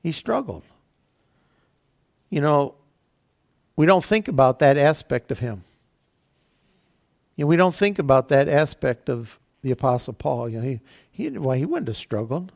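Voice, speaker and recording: A man's voice: a little high, very animated, measured pace, vocal fry, pauses often, a little mellow. A man preaching as pastor, reading scripture aloud and then explaining it plainly, often repeating phrases and saying "you know". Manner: laughs at his own slips. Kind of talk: sermon.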